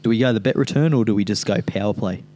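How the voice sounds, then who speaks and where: Laconic Australian bloke. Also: male voice, on the low side, fast talker, mellow, slight background noise. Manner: laconic, mumbled agreement, dry humor. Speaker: podcast co-host. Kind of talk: casual chat.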